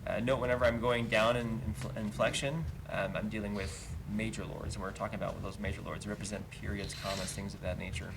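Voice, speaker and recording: A man's voice: lowish voice, steady tone, fairly quick, gravelly, few pauses. A man teaching a verse-by-verse Hebrew lesson, explaining cantillation marks patiently and chanting each trope name aloud. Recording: livestream with faint noise.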